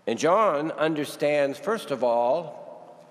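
A man giving a homily at Mass, speaking slowly and deliberately with long pauses and repeated questions. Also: a little high, animated. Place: parish church. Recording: reverberant church.

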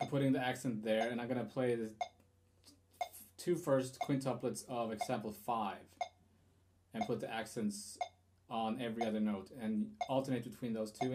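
A man's voice: medium pitch, fairly even intonation, normal speed. A man giving a guitar lesson, explaining rhythm in a hesitant way with fillers and restarts. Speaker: guitar teacher.

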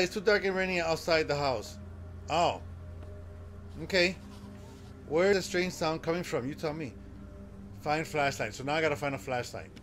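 A game streamer with a fairly high, fairly bright voice commentates live on a horror game. He's jumpy, talks to his chat, and yelps at the scares.

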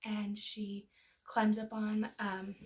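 A woman's voice: mid-range voice, completely flat delivery, takes it slowly. A young adult woman and parenting educator giving an earnest, personal explanatory talk that is full of anecdotes.

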